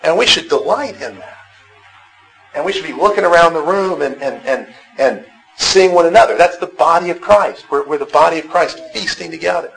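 Man, Bible class teacher, fairly high voice, conversational, quizzes the group, repeats himself. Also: normal speed, gravelly, over music, low-quality recording. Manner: conversational, asks the class questions, repeats words when restarting. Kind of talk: interactive church class lecture.

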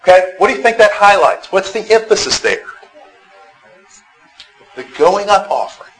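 A man's voice: sits high, lively intonation, moderate pace, a bit bright, low-quality recording. Man teaching a church class. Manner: conversational, asks the class questions, repeats words when restarting. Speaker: Bible teacher. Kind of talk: interactive church class lecture.

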